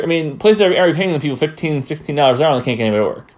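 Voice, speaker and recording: A man's voice: medium pitch, expressive, rapid-fire. A man hosting a political commentary podcast, talking in a rambling, heated way and repeating himself. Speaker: podcast host.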